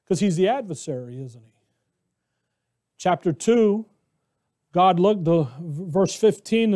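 An American man preaching a conversational, animated sermon who acts out the voices of biblical characters. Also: high voice, slow pace, long pauses. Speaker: pastor.

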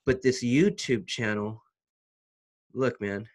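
A man talking casually to camera in a vlog, excited and slangy, calling the viewer "dude" and restarting his sentences. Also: mid-range voice, takes it slowly. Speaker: YouTuber.

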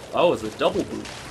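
A woman hosting a gaming channel, giving let's-play commentary and shouting fruit words in place of curses when exasperated. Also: low voice, vocal fry, background noise. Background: background music.

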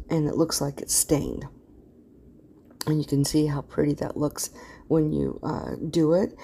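Low, gravelly woman narrating a craft tutorial. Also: mellow, slight background noise. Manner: rambling, loses words, yawns while talking. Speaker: craft channel host. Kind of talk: casual craft tutorial voice-over.

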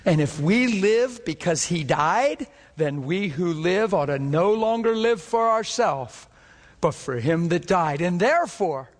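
A man preaches from the pulpit with a high, ringing voice. He drives his points home in rapid bursts that swell toward near-shouting peaks. The sound carries the air of a church sanctuary. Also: animated, in a large hall. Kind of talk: sermon.

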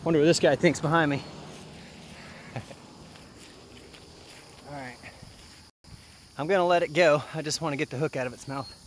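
A man giving casual, joking commentary outdoors by a pond while fishing, excitable and quick to chuckle. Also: fairly high pitch, slight background noise. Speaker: fishing vlogger.

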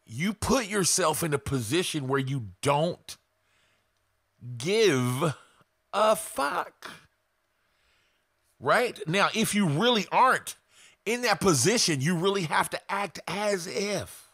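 A man's voice: high-pitched, expressive, unhurried, a bit bright, no room sound, studio quality. A man giving casual, blunt sales coaching to camera, swearing freely.

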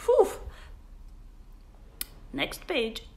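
A woman's voice: fairly high pitch, wildly swooping pitch, drawn-out words, dark tone. A woman, an English teacher playfully reading a picture book aloud to young children, with sound effects and whispers. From Russia. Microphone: phone on a livestream.

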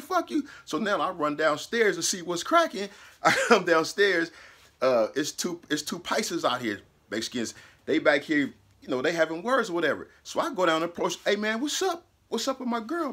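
A man casually telling a personal story, animated and profane, laughing mid-sentence and acting out what people said. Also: fairly high pitch, breathy edge.

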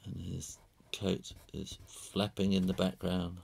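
A man's voice: sits low, monotone, takes it slowly, gravelly, darkish tone, slight background noise. A British man, an illustrator, chatting and laughing often as he talks through a drawing tutorial. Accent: British English.

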